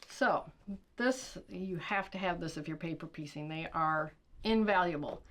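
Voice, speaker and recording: A chatty middle-aged woman hosts a quilting unboxing at an easy, conversational pace. She reads product blurbs aloud and thinks out loud between them, with plenty of fillers. Her voice sits at an ordinary middle pitch for a woman. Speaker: quilting channel host. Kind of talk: casual unboxing chat.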